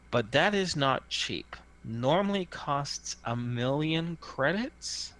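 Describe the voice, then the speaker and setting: A man's voice: medium pitch, a bit bright. A man narrating a tabletop game as game master, chatty and full of restarts. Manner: chatty, many fillers and restarts.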